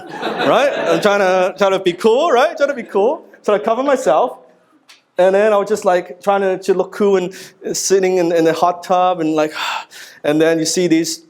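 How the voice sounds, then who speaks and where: Animated man telling stories on stage. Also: high-pitched, slight background noise. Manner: animated storytelling with casual swearing and frequent asides. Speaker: business speaker. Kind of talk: live seminar talk to an audience.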